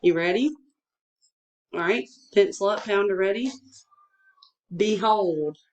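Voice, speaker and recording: A woman teacher giving a one-on-one dictation lesson. She speaks very slowly and steadily, sounding out each syllable with patient encouragement. Her voice sits at a middle pitch. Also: lo-fi sound, slight background noise. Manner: slow, patient, encouraging, spells words out by syllable.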